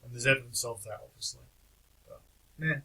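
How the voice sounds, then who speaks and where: A man talking through clips in a loose, casual commentary style, dry and wry and openly skeptical. His voice sits at an ordinary middle pitch, and he chuckles now and then as he picks things apart. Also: brisk, bright, forceful tone, rough recording.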